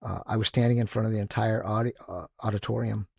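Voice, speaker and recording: A male motivational speaker telling animated stories as a podcast guest, acting out the people he quotes. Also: on the low side, quick pace, vocal fry, slightly rough, no room sound, clean studio sound. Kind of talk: casual storytelling.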